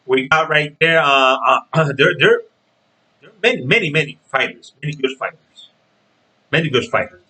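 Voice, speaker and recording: A man hosts his own boxing vlog, talking casually and straight to his viewers. His voice sits a bit high and sounds bright and sharp. He hammers his points home by repeating them and checking in with "okay?". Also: expressive, moderate pace, poor audio. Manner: emphatic, repeats phrases and asks "okay?". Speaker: boxing channel host.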